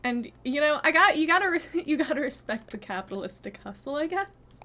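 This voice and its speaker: A young woman streaming a game, chatting casually to her viewers, giggling and thinking out loud. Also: sits high, sing-song, brisk. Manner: chatty, giggly, talks to chat and herself. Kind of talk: casual gameplay chat.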